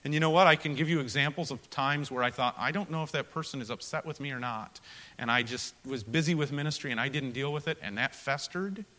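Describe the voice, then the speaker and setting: A man preaching to fellow pastors in an earnest, storytelling manner, swinging from loud emphasis to quiet confession. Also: medium pitch, fast, big-room sound. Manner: earnest, storytelling, rises loud for emphasis then drops soft. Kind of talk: sermon to pastors.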